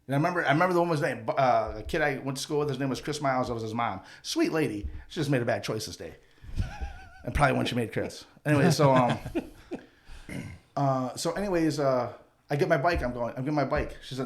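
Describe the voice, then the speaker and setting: A man's voice: mid-range voice, fast talker. A man with a mid-range voice tells a long, rambling childhood story as a podcast co-host. He is from a Mohawk community and talks in a loose, jokey, profane way, slipping into the voices of the people in his story. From Akwesasne Mohawk community. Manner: rambling, profane, jokey anecdotes with acted-out quotes. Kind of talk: casual storytelling chat.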